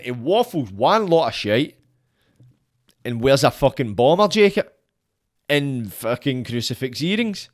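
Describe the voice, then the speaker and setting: A young Scottish man, a podcast guest, ranting bluntly in casual chat, swearing a lot and shooting up in pitch when he gets worked up. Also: very animated, moderate pace. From Scotland.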